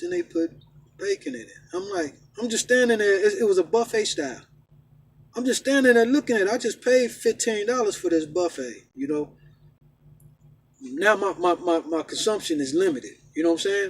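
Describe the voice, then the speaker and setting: A middle-aged man ranting and preaching casually, emphatic and repetitive, swinging from loud outbursts to low, stern talk. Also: expressive, moderate pace, creaky, breathy edge, rough recording. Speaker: vlogger preaching his faith. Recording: faint background noise.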